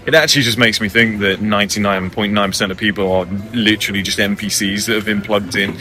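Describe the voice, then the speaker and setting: A man's voice: lowish voice, steady tone, fast, sharp tone. A young man talking casually to camera in a cafe, brash and joking, swearing freely. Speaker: vlogger. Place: cafe by the water.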